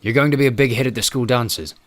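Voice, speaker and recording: A man doing a calm giant bodyguard. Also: mid-range voice, fast, no echo, natural voice. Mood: calm, dry. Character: huge calm bodyguard, grown man, steady and blunt.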